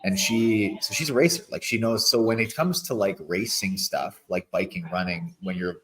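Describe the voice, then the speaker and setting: Speaking at a moderate pace in a fairly low voice, a man in his thirties chats in a relaxed, meandering way as an interview guest. He's an athlete who peppers his speech with "like." The recording is low quality.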